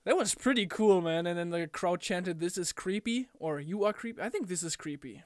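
A young man ranting casually about a wrestling event in a home vlog, animated and chatty, often slipping into impressions of the people he talks about. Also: high-pitched, moderate pace, no room sound, studio quality. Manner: animated, mimics wrestlers in quotes. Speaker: wrestling fan vlogger.

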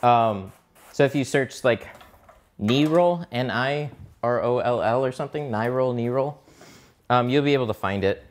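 A man's voice: medium pitch, normal speed. A man who does mobile window tinting, chatting casually and swearing a bit on a live stream while he works and hunts for his tools. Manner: casual, profane, chatty, distracted while working. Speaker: mobile window tint installer.

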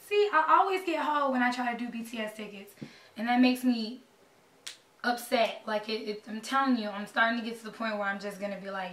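A young woman, talking anxiously and excitedly to her camera in a casual vlog. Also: fairly high pitch, fairly quick, slight background noise. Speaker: vlogger. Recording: echoey room, voice a bit far from mic.

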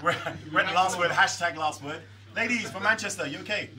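A man's voice: sits high, a little fast, pushed and bright. A man hosting a rum tasting in a busy bar, joking, laughing often and bantering with the audience. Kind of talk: jokey live presentation. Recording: noisy bar crowd, mic at a distance.

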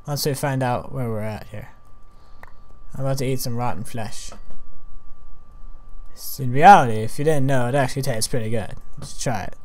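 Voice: medium pitch, a little mellow, slight background noise. A gamer giving casual, rambling commentary while playing, chatting to the animals and mobs along the way. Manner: chatty, fumbling restarts.

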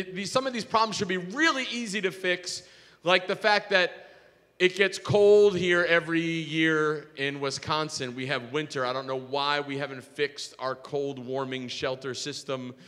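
A male pastor preaching a sermon, telling stories in an animated way with self-mocking humor. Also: fairly high pitch, a little slow, in a large hall. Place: church sanctuary.

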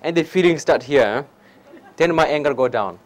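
High-voiced Nepali man teaching meditation. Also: moderate pace, a faint crowd, low-quality recording. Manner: non-native English, animated anecdotes, frequent "huh?" asides. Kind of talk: public dharma talk. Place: lecture hall before an audience.

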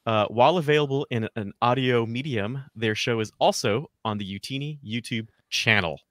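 A man's voice: mid-range voice, normal speed, fairly bright tone, no room sound, clean studio sound. A man co-hosting a podcast in casual chat, easygoing and chuckling. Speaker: podcast co-host.

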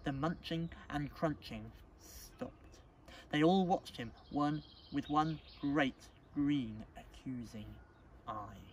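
A male teacher reading a storybook aloud at a school assembly, expressive and dramatic. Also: on the high side, takes it slowly. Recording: distant mic, faint background noise.

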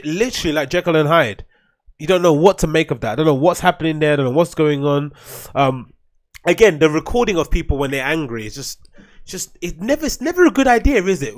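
A man hosting a solo podcast, rambling and swearing as he comments on videos. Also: on the high side. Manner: rambling, swearing, laughing often. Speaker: podcast host.

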